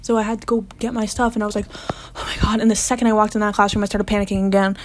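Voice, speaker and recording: A woman's voice: mid-range voice, flat delivery, racing, no echo. A young woman vlogger telling a personal storytime in a casual, chatty way, full of "like" fillers, sometimes dropping to a whisper. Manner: chatty, lots of "like" fillers, drops to whispers when reliving panic.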